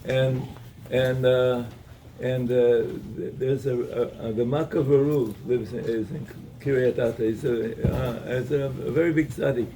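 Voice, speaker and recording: A man giving a Torah talk at an evening gathering, telling a story in a halting way, with many repeated words and restarts. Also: mid-range voice, fairly even intonation, warm tone, distant mic, a little hiss or hum, low-quality recording.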